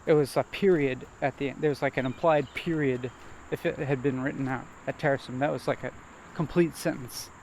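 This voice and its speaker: A man vlogging as he walks a nature trail, thinking aloud in a halting, hesitant way and repeating words. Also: mid-range voice, fairly even intonation, vocal fry, darkish tone. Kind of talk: rambling self-reflective monologue while walking. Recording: faint outdoor noise.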